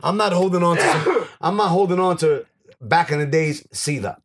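A man's voice: fairly high pitch, moderate pace, heavy background noise. A man hosting a casual talk show, joking loosely in crude slang. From Puerto Rican and Dominican heritage. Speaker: podcast host.

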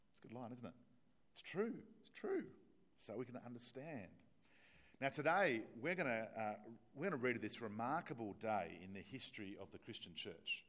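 A man's voice: lowish voice, fairly bright tone. A man with an Australian accent, a pastor giving an evening sermon with a prayer, telling stories in a conversational, self-deprecating way with many fillers. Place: church.

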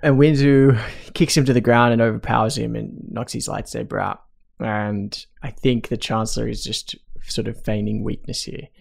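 Gravelly man retelling a film plot. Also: medium pitch, moderate pace, few pauses. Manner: steady, detailed plot retelling. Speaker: podcast co-host. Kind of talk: casual chat recapping a film.

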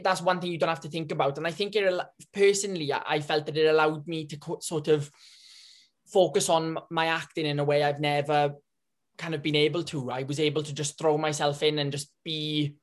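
A man, an actor telling interview stories in a halting way with many restarts. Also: a little high, little pitch movement. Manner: hesitant, many restarts and fillers. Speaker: actor guest. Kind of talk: casual interview talk.

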